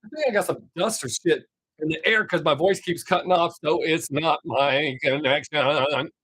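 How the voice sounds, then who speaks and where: A man's voice: on the high side, normal speed, fairly bright tone, breathy edge, no room sound, clean studio sound. A man hosting his own live stream, chatting casually with viewers, reading their comments and swearing freely. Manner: profane, laid-back, talks to chat viewers by name.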